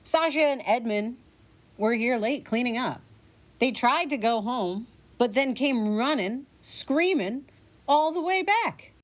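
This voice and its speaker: A woman's voice: on the high side, animated, takes it slowly, voice pushed up. A woman voicing a worried male innkeeper who tells of ghosts haunting his inn.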